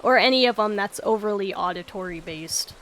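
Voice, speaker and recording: A woman's voice: brisk, a bit bright. Gamer girl rambling over gameplay, raw tired voice, kinda trailing off, swears a bit, faint hiss behind. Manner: rambling, low-key, swears casually, trails off. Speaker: gaming YouTuber.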